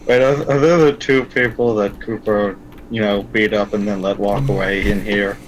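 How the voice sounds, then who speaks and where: A man playing a tabletop game with friends, thinking aloud slowly as he plans his character's moves. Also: on the low side, fairly even intonation, slight background noise, rough recording. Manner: slow, thinking aloud while planning moves. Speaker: player. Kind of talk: casual tabletop game chat.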